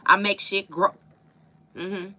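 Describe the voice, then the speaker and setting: A woman's voice: mid-range voice, steady tone, takes it slowly, pushed and bright. A woman doing a live tarot reading, talking to her viewers in a casual, emphatic, slangy way. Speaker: tarot reader.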